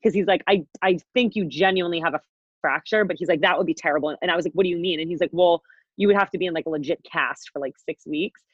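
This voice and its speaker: A young woman in her twenties co-hosts a podcast, telling a story in casual chat with lots of rambling, swearing, fillers and constant "like"s. Her voice is fairly low and slightly rough, she talks fast, and the dull, dry podcast audio has no room sound.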